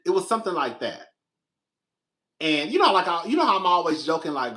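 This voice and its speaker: A young man, the show's host, casually telling a personal story, animated, jumping into a high voice when he quotes his own reactions. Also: fairly quick.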